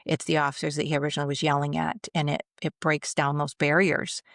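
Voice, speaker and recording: Gravelly, flat-voiced woman telling stories. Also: sits low, fast, no room sound, clean studio sound. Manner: vivid, anecdotal, acts out quoted voices. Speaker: guest, retired police commander. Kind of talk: conversational storytelling.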